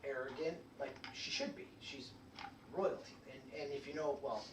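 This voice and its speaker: A man's voice: mid-range voice, normal speed. A man chatting enthusiastically during a tabletop wargame. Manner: chatty, enthusiastic about the game. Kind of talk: casual chat. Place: room around a gaming table. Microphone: camera mic at a distance. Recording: echoey room, distant mic, background hiss.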